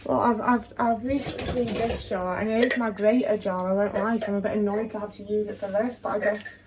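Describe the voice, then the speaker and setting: A woman's voice: mid-range voice, fairly even intonation, brisk, distant mic, very noisy. A young woman chatting anxiously to the camera while cooking in her home kitchen, questioning herself and swearing often. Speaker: vlogger. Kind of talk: casual cooking vlog talk.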